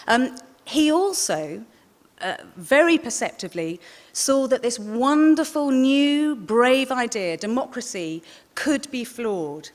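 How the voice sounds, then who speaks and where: Animated woman speaking in a hall. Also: a little high, takes it slowly. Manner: lively storyteller, chatty asides. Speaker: historian and author giving a talk. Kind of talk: live public talk. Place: hall with live audience. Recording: long reverb of a large hall.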